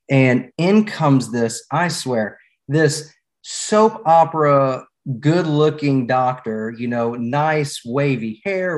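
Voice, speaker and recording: Laughing middle-aged male storyteller. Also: mid-range voice. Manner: relaxed storyteller, laughs and repeats words. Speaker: guest, former law firm managing partner. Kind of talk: storytelling in a podcast interview.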